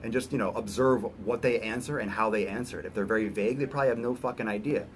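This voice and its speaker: A man's voice: fairly low pitch, fast, a little hiss or hum. A man working as a fitness coach, chatting casually as he answers viewer questions, blunt and profane with joking asides.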